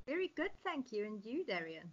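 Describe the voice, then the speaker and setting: A woman's voice: on the high side, sing-song, a little fast. A woman in her fifties with a South African accent chats as a podcast guest. She speaks thoughtfully, hesitating with ums and restarting phrases. Her voice comes through a dull, lo-fi remote connection. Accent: South African English. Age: 50s. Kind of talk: conversational interview.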